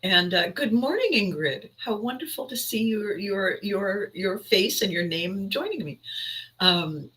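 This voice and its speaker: A woman with a very bright, keen voice talks to her livestream audience in a loose, reflective monologue. She rambles, doubles back and breaks off her sentences as she thinks aloud. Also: mid-range voice, expressive, unhurried, rough recording. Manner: rambling storyteller, self-interrupting, chatty. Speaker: livestream host.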